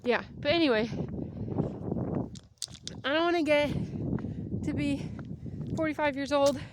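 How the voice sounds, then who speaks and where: Her voice sits high and moves a little slowly as she walks outside, somewhat breathless, rambling through a casual vlog. The woman, in her thirties, is talkative and tangent-prone, and there's a lot of background noise around her on the street.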